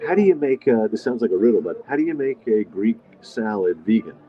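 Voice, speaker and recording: A middle-aged livestream host talks from a diner in a fairly low, very animated voice, a little fast. He rambles, eats, and replies to viewer comments. The recording sounds dull and lo-fi, with faint music.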